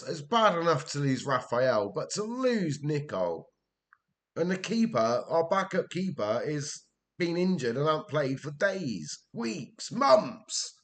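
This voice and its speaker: A man's voice: a little high, big pitch swings, slow pace. Exasperated Welsh man commenting on gameplay. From Wales. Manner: exasperated, swearing, talking to himself.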